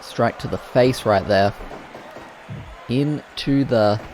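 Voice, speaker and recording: A man giving play-by-play commentary on wrestling matches, excitable and breaking into loud exclamations. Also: medium pitch, slow pace, a faint crowd, slight background noise.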